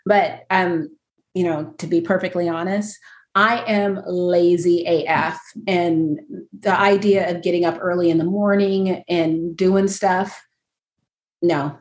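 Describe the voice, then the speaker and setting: Woman, casual chat, lowish voice, self-mocking, laughs often. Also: fairly even intonation, takes it slowly, reverberant.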